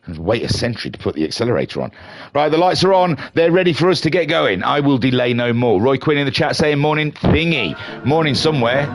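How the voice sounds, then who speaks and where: A man's voice: medium pitch, quick pace. A man giving playful, jokey live commentary on a sim racing league from home. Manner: playful, jokey, builds to excited shouting at the start. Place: home room.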